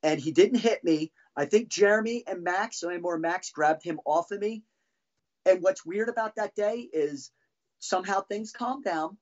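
A man's voice: high voice, unhurried. Profane rambling man, dull lo-fi audio. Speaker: podcast guest, former band drummer. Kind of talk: casual storytelling.

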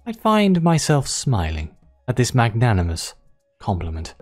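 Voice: medium pitch, huge pitch swings, measured pace, darkish tone, faint music behind. A let's play host chatting casually while playing and reading the game's story text aloud. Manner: chatty, musing, reads narration aloud.

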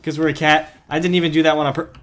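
A young man giving goofy, pun-filled gameplay commentary as a gaming YouTuber, often jumping to excited yelps. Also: on the high side, rapid-fire.

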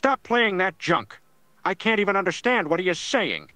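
A man's voice: sits high, big pitch swings, moderate pace, sharp tone, no room sound, heavily acted. A text-to-speech voice playing a grumpy older man who scolds and bosses people around. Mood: annoyed. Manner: scolding, bossy and easily annoyed. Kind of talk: text-to-speech chatbot character.

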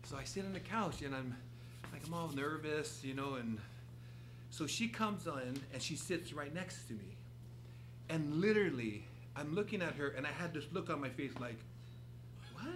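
A man's voice: on the high side, moderate pace. A man telling a funny story on stage at a live improv theater, laughing and acting out quotes. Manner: animated, laughing, acts out quotes. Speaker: guest storyteller. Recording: echoey theater with noise.

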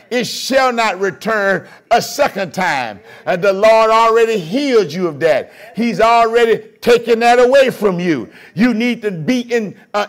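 A man preaching a sermon, his voice sitting high for a man. He works the congregation in call-and-response style and builds up to shouted lines. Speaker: pastor.

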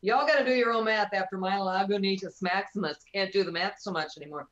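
A woman's voice: medium pitch, fast talker, highs cut off. A woman who hosts her own chat show, talking in a loose, joking, easygoing way over a video call. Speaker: talk show host. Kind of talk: casual chat.

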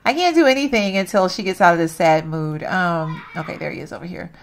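A woman's voice: fairly low pitch, fairly quick, creaky, a little hiss or hum. A woman hosting a let's play, chatting to her viewers as she plays and laughing at herself. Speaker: gaming channel host.

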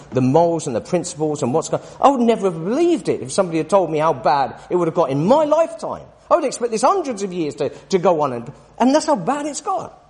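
Forties teacher, emphatic preaching, husky and high-pitched, echoing hall. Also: male voice, darkish tone. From United Kingdom. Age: 40s. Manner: emphatic, tag questions to listeners. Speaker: Bible teacher. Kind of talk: sermon-style Bible study. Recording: long reverb of a hall.

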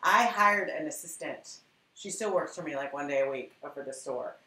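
A woman's voice: sits low, moderate pace, pushed and bright, echoey room, slight background noise, low-quality recording. A woman teaching a live painting class, chatty and encouraging as she talks to her viewers. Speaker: art instructor.

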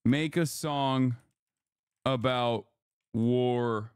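A man's voice: mid-range voice, fairly even intonation, very slow, darkish tone, clear, resonant tone, dry recording, clean studio sound. A man streaming live, ranting with lots of swearing and thinking aloud while he types prompts. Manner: profane, ranting. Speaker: streamer contestant. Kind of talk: casual livestream chat.

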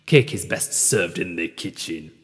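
A man hosting a let's play, commenting in a sweary, animated way. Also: low-pitched, a little slow. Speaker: gaming channel host. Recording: roomy reverb with game music behind.

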